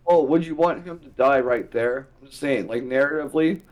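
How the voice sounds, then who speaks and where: A man co-hosting a podcast in a studio, thinking aloud and working through story logic in a relaxed chat. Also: mid-range voice, fairly quick. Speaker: podcast co-host. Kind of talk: casual brainstorming chat.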